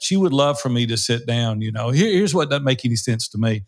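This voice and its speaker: An older man in his sixties, co-hosting a podcast in a relaxed, earnest tone. His voice sits at an ordinary mid pitch, candid and encouraging, with an easy conversational flow. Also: fairly quick. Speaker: podcast co-host.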